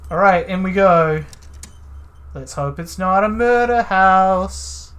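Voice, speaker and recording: A young man streaming a game, casually reading its text and choices aloud with animated delivery. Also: high-pitched, slow pace. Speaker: let's play streamer.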